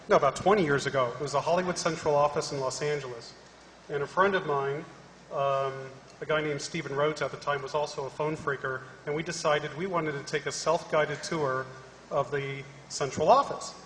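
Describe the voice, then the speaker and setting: A man's voice: on the high side, fairly bright tone, slight background noise. A man on a conference panel telling a story with animation and acting out both sides of a dialogue. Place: large conference hall. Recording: echoey hall from a distance.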